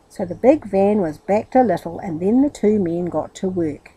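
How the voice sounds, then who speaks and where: A woman reading a children's story aloud with lively, expressive storytelling. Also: mid-range voice, normal speed, hardly any pauses, breathy edge, poor audio. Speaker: storybook reader.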